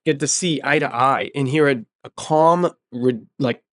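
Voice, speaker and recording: A man's voice: mid-range voice, unhurried, fairly bright tone, no echo, studio quality. A man telling a travel story in a casual interview, emphatic and enthusiastic, often repeating words for stress. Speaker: podcast host sharing his story.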